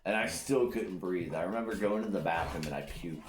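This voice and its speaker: A man's voice: low voice, brisk, hardly any pauses. A man hosting a casual chat, telling loose, profane stories with lots of energy. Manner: loose, profane, animated storytelling. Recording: echoey room with faint noise.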